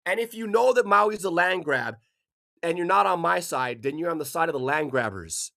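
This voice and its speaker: Furious high-voiced man from Hawaii ranting. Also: lively intonation, moderate pace, vocal fry. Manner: furious, swearing constantly, shouting in bursts. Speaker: vlogger. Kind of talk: angry profane rant.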